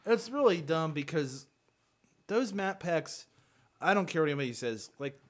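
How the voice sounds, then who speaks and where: A man's voice: on the high side, animated, moderate pace. A young man in casual podcast chat, laid-back and agreeable, swearing casually.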